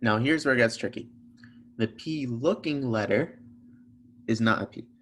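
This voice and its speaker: A man's voice: medium pitch, moderate pace, fairly bright tone. A young man teaching a recorded language lesson, patiently explaining each sound step by step and repeating examples.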